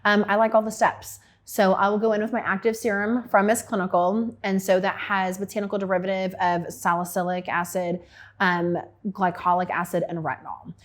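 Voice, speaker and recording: A woman's voice: medium pitch, flat delivery, moderate pace. A middle-aged woman, an esthetician, talking casually and frankly about her skincare routine, with plenty of fillers. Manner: chatty and frank, with lots of fillers.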